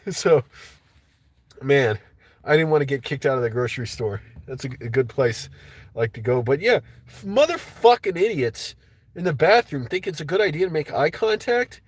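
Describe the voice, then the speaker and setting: A man's voice: on the high side, expressive, moderate pace, dry recording. Profane ranting man, dry close sound. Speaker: livestream host. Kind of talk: casual livestream rant.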